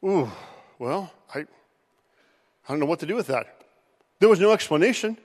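A man preaching a sermon in an animated way, now and then acting out Bible figures' voices. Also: a little high, moderate pace. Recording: long hall reverb.

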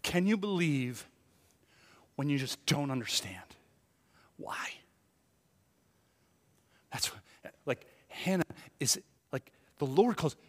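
A male pastor preaching a conversational sermon. He swings from hushed asides to loud, emphatic peaks and asks the congregation many rhetorical questions. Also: a little high, sing-song, slow, pauses often. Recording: long hall reverb.

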